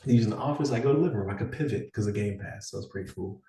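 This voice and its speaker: A man's voice: fairly low pitch, racing, dark tone, far from the mic. A man in his forties, co-hosting a podcast in rambling casual chat with many fillers and restarts. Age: 40s. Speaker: podcast co-host. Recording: echoey room, somewhat off-mic.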